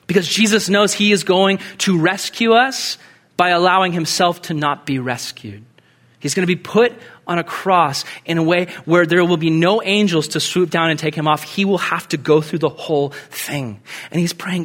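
A pastor preaches a sermon at a moderate pace in a conversational, animated style. He acts out quoted lines, swinging widely in pitch and loudness.

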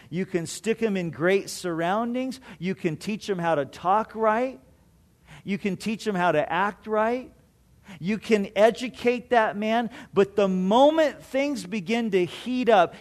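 Man, pastor, sermon, high voice, slow and deliberate, storytelling, repeats for emphasis.

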